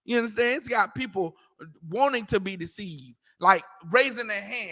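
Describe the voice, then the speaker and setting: A man talking casually in a scripture class, animated and mocking, acting out the voices he quotes. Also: sits high, normal speed, in a large hall. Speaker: class teacher.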